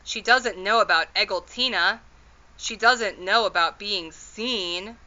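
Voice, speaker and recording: A woman's voice: medium pitch, slow pace, sharp tone, highs cut off. A woman voicing an anxious tiny borrower wife who pleads and frets in a storybook read-aloud. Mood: fretful. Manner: fretful and pleading.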